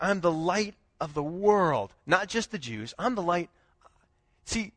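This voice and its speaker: A high-pitched man preaching a church sermon, rising to loud emphasis and then sinking low and quiet. The recording is dry and close, with almost no room sound. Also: no echo. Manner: animated preaching, swinging between loud emphasis and low hushed lines. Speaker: pastor.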